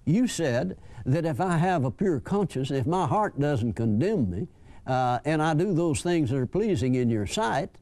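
Older preacher, folksy and chuckling, lively up-and-down delivery, slightly high voice. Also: male voice, moderate pace. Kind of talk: sermon.

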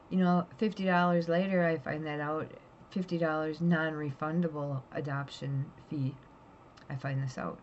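A woman's voice: lowish voice, darkish tone, muffled recording, a little hiss or hum. A middle-aged woman telling a rambling, blunt story about her pets in a casual home vlog. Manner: chatty, blunt, rambling with restarts. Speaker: pet vlogger.

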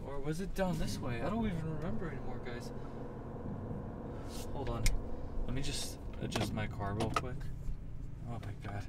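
A man's voice: medium pitch, moderate pace, long pauses, heavy background noise. A man filming a staged spooky vlog from inside his car at night, talking in jumpy, frightened bursts with sudden exclamations. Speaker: YouTuber.

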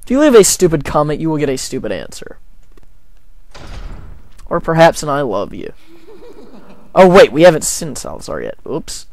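A man joking and rambling through a video game playthrough, with a gravelly, slightly high voice. His pitch bounces around a lot as he reacts to the game. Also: sing-song, brisk, pauses often, a little mellow. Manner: rambling, jokey, self-deprecating. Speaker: let's play gamer. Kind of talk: casual gameplay commentary.

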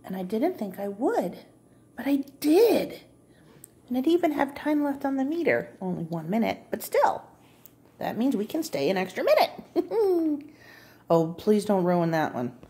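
Cooing woman with a gravelly, husky voice. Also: fairly high pitch, sing-song, a little slow, warm tone. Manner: coos and baby-talks, sometimes dropping to whispers. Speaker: cat sitter. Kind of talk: talking to a cat while filming. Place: client's home, indoors. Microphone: phone camera pointed at the floor.

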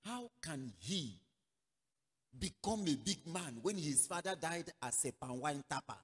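A man from Nigeria preaching a sermon as pastor, telling a story with acted-out dialogue and sudden loud outbursts. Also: on the high side, expressive, measured pace, slightly rough. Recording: long reverberant hall.

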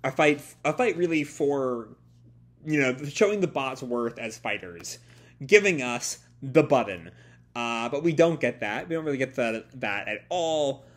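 Lively man recapping a manga chapter. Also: mid-range voice, unhurried. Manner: lively, with many fillers, reads quoted dialogue in put-on voices. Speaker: manga reaction host.

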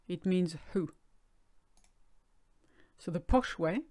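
A French woman explaining grammar as a language teacher, speaking clearly and repeating examples slowly. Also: on the low side, warm tone. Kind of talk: online language lesson.

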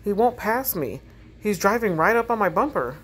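A woman's voice: mid-range voice, animated, normal speed, slight background noise, lightly acted. A woman reading the texts of a frightened young woman driving alone at night, in short, tense bursts. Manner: reads text messages aloud in short, tense bursts.

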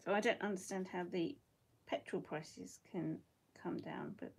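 Chatty middle-aged woman, husky. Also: on the low side, steady tone, a little slow. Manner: rambling, chatty, laughs often. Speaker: watercolour artist. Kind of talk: casual chat while painting. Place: her bedroom at home.

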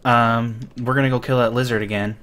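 A man's voice: medium pitch, level tone, a little fast, fairly bright tone. A man hosting a gaming channel, chatting casually and teasingly while playing a co-op game. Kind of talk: casual co-op gameplay chat.

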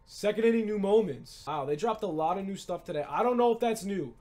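Excitable young man giving game tips. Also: sits high, brisk. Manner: excitable, rambling, urgent market tips. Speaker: gaming YouTuber. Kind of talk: casual gameplay commentary.

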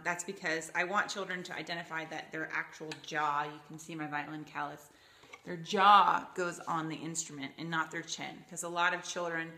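A woman from Florida teaching violin, patiently explaining the parts of the instrument and sometimes demonstrating pitches with her voice. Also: pushed and bright. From Gainesville, Florida, USA. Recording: roomy echo, faint violin.

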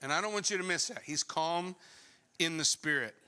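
A middle-aged male pastor preaching a sermon in a conversational, animated way, full of rhetorical questions. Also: a little high, normal speed. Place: church sanctuary. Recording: long church hall reverb.

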